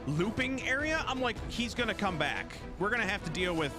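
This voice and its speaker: A man casually commenting live while playing a game, chatty and excitable, swearing and talking back to the characters. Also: high-pitched, brisk. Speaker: streamer. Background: game music.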